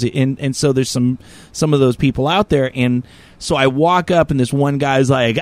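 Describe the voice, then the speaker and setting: A man's voice: fairly high pitch, normal speed, no room sound. A man telling a story in casual chat, rambling and full of fillers and swearing, with heated, raised bursts when he quotes himself.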